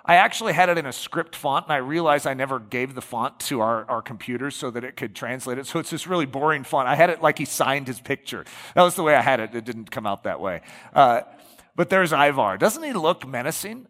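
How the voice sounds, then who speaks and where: A man delivers a sermon in a chatty style, repeatedly asking his congregation "okay?" or "right?". His medium-pitched voice is slightly bright, and a long reverb tail trails after it.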